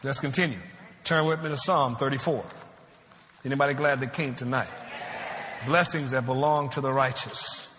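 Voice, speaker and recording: A man preaching a sermon, asking the congregation questions and slowing down to draw out scripture verses. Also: mid-range voice, steady tone, pushed and bright, long reverb tail, a little hiss or hum. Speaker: pastor.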